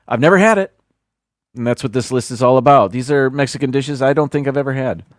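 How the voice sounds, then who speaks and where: A man's voice: medium pitch, fast talker, dry recording, studio quality. A man hosting a livestream, casually reading a list aloud, stumbling over foreign words and adding self-deprecating asides. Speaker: livestream host.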